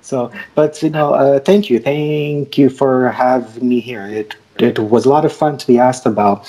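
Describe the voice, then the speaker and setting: A man talks as a guest on a video call in a husky, breathy voice. He stutters and repeats syllables as he speaks, and he laughs often. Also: medium pitch, fairly even intonation, normal speed, dark tone, low-quality recording. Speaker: guest cartoonist and podcaster. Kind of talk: casual video-call interview.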